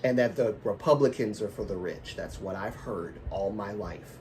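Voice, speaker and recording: Guy rambling on a live stream, low voice, keeps correcting himself, still has a cough, mic kinda far off. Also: normal speed, darkish tone, slight background noise. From American South and Baltimore. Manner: rambling, self-correcting, laughs at own remarks. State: lingering cough. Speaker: livestream host. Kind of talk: casual live-stream chat.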